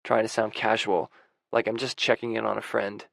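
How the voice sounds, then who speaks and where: A man narrating a first-person audiobook in a wry, gruff manner on a close studio mic. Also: fairly low pitch, level tone, normal speed, a bit bright, dry recording.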